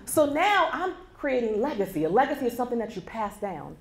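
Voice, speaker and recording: Woman in her forties, motivational keynote, animated storyteller, a bit high-pitched, roomy live-hall sound. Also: a little fast. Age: 40s. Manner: animated storytelling, addresses the audience directly. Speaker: keynote speaker. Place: conference hall before a live audience. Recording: echoey hall with faint background noise.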